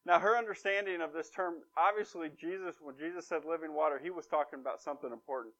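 Wry storytelling preacher, lo-fi recording. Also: male voice, on the high side, fast, fairly bright tone. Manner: wry, storytelling, emphatic asides. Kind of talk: conversational sermon. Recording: dull lo-fi recording.

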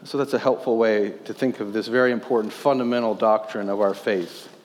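A man's voice: fairly low pitch, fairly even intonation, a little fast, big-room sound, slight background noise. A man in his thirties, a pastor, preaching a sermon earnestly, posing questions and reading scripture aloud.

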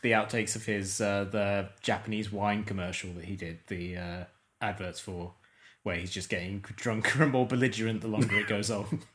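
Lowish-voiced podcast host. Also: male voice, normal speed, slight background noise. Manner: relaxed, hesitant, laughs often. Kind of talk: casual film chat.

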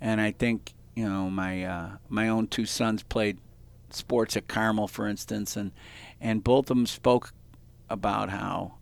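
A man's voice: fairly low pitch, steady tone, measured pace, gravelly. A middle-aged man hosting a podcast, chatting casually and telling rambling stories with many restarts. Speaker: podcast host. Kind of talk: casual interview chat.

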